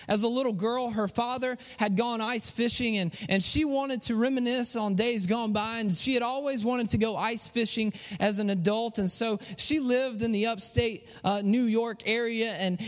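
A man preaching a sermon, telling stories with restarts and emphatic pauses. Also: very high-pitched. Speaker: pastor. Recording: long hall reverb.

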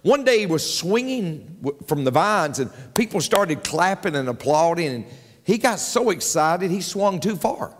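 Male pastor, slightly high voice, folksy sermon delivery with call-and-response; church hall reverb. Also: big pitch swings, unhurried. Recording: long hall reverb with faint music.

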